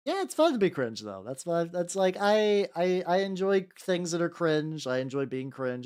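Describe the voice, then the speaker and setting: Rambling young man, lively pitch. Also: normal speed, smooth. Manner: rambling, self-deprecating, lots of restarts and fillers. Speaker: VTuber streamer painting miniatures. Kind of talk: casual chat while painting.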